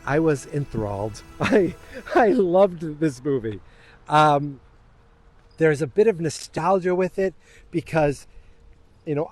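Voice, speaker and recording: A man hosting a casual solo podcast outdoors on a walking trail, speaking into a tiny handheld microphone. He rambles in a self-deprecating way and sometimes puts on a mock vampire voice. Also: on the high side. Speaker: podcast host. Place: outdoors on a rail trail while walking a dog.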